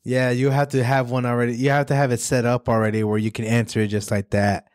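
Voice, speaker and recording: A man's voice: mid-range voice, level tone, darkish tone. A man co-hosting a podcast, chatting casually and joking along easily. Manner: easygoing, laughs often, quick to joke along. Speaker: podcast co-host. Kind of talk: casual chat.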